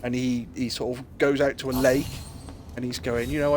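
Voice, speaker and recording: A man's voice: mid-range voice, steady tone, moderate pace, darkish tone, a little hiss or hum. A man streaming a video game live, chatting playfully and rambling, often laughing. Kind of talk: live gameplay commentary. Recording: game music playing behind. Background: video game music.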